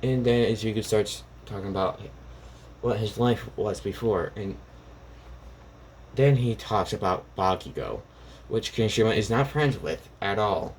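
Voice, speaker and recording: A man casually retelling a fan story out loud, rambling with many fillers and self-corrections. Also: lowish voice, animated, measured pace, slight background noise, rough recording.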